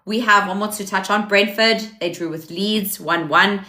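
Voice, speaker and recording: A woman's voice: medium pitch, normal speed, pushed and bright. A South African woman in her late twenties co-hosting a football podcast in chatty, playful banter, laughing often. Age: 20s. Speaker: podcast co-host. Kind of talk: casual football podcast chat. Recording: roomy echo.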